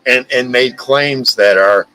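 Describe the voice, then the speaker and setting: A man's voice: mid-range voice, slow, sharp tone, clean tone, rough recording. A man hosting a live stream, talking in a heated, profane rant and often stumbling over and repeating his words. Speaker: livestream host.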